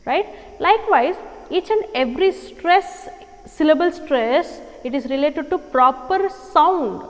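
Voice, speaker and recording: A woman with an Indian English accent gives an English lesson in a fairly high voice. She drills pronunciation emphatically, repeating each word several times. A long reverb trails behind her voice. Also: animated, measured pace. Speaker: English teacher.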